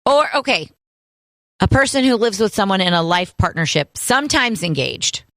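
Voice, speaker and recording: A woman co-hosting a radio show, running through items in a brisk, list-reading way. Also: medium pitch, very animated, fairly bright tone, dry recording. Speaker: radio co-host. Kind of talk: morning radio show chat.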